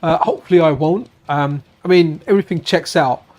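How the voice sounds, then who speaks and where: A man's voice: on the high side, a little fast, darkish tone. A man chatting casually and enthusiastically while streaming retro games at a friend's house. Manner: chatty and enthusiastic, with frequent restarts. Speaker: streamer, channel host. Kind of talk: casual live-stream chat while gaming.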